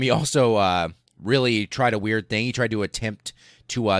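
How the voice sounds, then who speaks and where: A man's voice: lowish voice, a bit bright, dry recording, studio quality. A man hosting a podcast, telling a history story in a casual, rambling, profane way with fillers and laughs. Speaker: podcast host.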